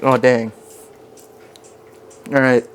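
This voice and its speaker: A man's voice: mid-range voice, flat delivery, very slow, slight background noise. A man chatting casually while cooking on a live stream in his home kitchen, rambling and poking fun at himself as he talks to his chat.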